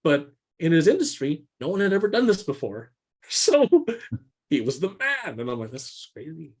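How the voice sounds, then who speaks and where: A man co-hosting a casual business chat, telling stories with animated swings in pitch and often repeating words as he thinks. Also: normal speed. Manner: animated storyteller, jumps in pitch for quoted voices. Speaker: podcast co-host.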